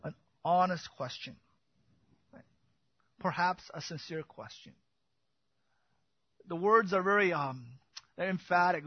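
Man preaching, high voice, dry and slightly dull sound, loud bursts and quiet asides. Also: takes it slowly, long pauses, no room sound. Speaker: pastor. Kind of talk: expository sermon.

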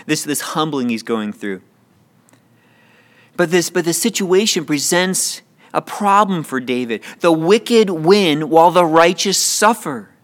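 A man's voice: on the high side, fairly bright tone. A man preaching a sermon with passion, often repeating words as he builds a point.

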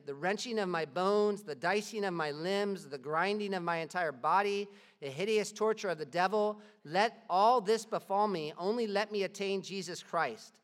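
A man reading aloud the impassioned words of an early church pastor on his way to martyrdom. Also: high-pitched. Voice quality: loud and impassioned. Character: ardent early church pastor facing death, fervent.

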